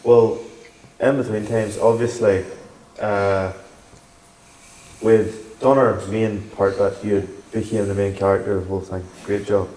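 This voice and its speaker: A man's voice: on the low side, fairly even intonation, unhurried, warm tone. A man co-hosting a podcast in casual chat, hesitant and using fillers. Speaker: podcast co-host. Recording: echoey room with faint noise.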